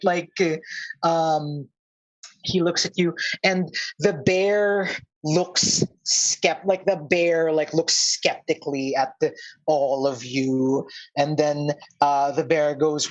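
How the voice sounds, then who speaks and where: A man narrating a tabletop game as game master, halting with many fillers. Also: fairly high pitch, rough recording.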